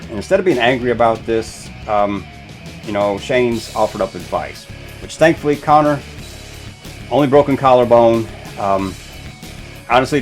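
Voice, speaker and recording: A man with a fairly low voice hosts a racing commentary show, talking loosely and with emphasis. He restarts sentences often and leans on fillers as he goes. Soft guitar music plays behind him. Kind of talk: casual commentary video.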